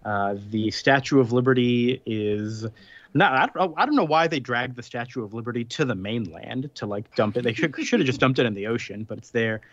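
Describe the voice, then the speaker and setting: A man co-hosting a podcast, recapping a comic plot in casual chat, rambling with fillers and quick laughs. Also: medium pitch, fairly bright tone, highs cut off.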